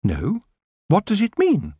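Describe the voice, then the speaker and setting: A man voicing a proud, imperious female elf, a former queen, high and cold. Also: huge pitch swings, slow, warm tone, slightly rough, no room sound, clean studio sound, full character voice. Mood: puzzled.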